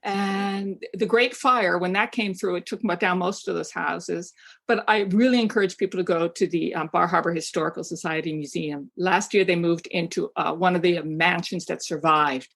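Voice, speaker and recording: A woman's voice: on the low side, moderate pace, vocal fry, a bit bright. A woman from Maine, a travel guidebook writer, chatting enthusiastically as an interview guest, with frequent fillers and restarts. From Maine, USA. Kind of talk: casual interview chat.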